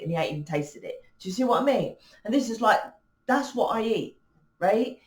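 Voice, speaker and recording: A woman's voice: mid-range voice, lively intonation, a little fast, reverberant. A woman hosting a spiritual channel, talking casually and rambling with many restarts and fillers. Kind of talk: casual spiritual talk to camera.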